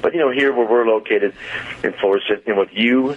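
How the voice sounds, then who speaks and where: A man's voice: on the low side, a little hiss or hum. A man talking casually on a radio show, rambling with many fillers and restarts. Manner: rambling, halting, full of fillers. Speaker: car dealer guest. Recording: dull lo-fi radio audio.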